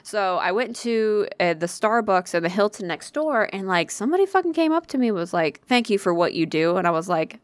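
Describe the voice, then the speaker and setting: Excitable young woman telling a story. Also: medium pitch, fairly quick, few pauses, no echo. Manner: excitable, swears freely, acts out quoted voices. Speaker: convention volunteer telling a story. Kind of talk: casual storytelling chat.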